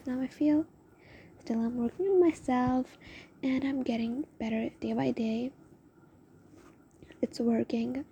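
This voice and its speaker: A woman's voice: high-pitched, steady tone, slow pace, pauses often, mellow, slight background noise. A young woman telling a rambling, emotional story in a confessional vlog, often dropping into a whisper. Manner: rambling, emotional, lots of "oh my God". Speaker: vlogger.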